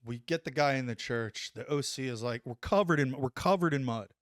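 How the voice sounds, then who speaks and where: Middle-aged guy telling an army story, lots of "like", animated, dry close mic. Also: medium pitch, fairly quick, no room sound. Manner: animated, acts out quotes, says "like" a lot. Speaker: podcast guest, former Army Ranger. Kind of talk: casual storytelling.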